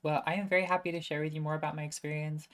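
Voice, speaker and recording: A woman's voice: low voice, little pitch movement, racing. A young woman, a student, chatting casually on a livestream and answering viewer questions, self-mocking and laughing often.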